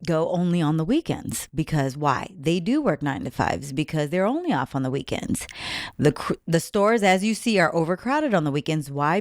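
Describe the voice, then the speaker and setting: Woman, low-pitched voice, casual storytelling vlog, animated and quoting others, dry close recording. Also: no room sound. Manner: animated storyteller, acts out overheard quotes in whispers. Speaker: spiritual vlogger.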